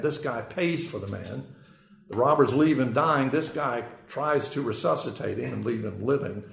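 A man teaching a verse-by-verse Bible lecture, halting, with frequent "uh" and repeated words. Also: medium pitch, gravelly, roomy sound, rough recording.

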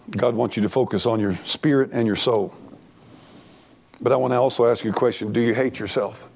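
A man's voice: mid-range voice, moderate pace, vocal fry, pauses often, darkish tone. A middle-aged man preaching a sermon as pastor, earnest and plainspoken, often restarting his sentences.

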